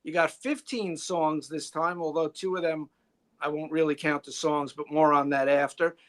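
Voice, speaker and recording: A man's voice: fairly high pitch, fairly even intonation, normal speed, fairly bright tone. A man co-hosting a casual music podcast over a video call, listing album facts in an informative, matter-of-fact way. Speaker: podcast co-host. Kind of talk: album review talk.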